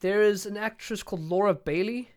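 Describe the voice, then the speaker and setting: Chatty South African podcast host. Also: male voice, high voice, a little fast, background noise. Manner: laughing, chatty, often repeats words. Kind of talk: casual interview chat.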